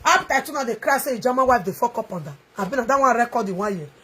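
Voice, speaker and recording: Nigerian pidgin lady ranting and taunting, high husky voice, shouts a lot. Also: lively intonation, rapid-fire. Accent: Nigerian Pidgin English. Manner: taunting, shouting, mocking sing-song. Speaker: online video ranter. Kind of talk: angry livestream rant.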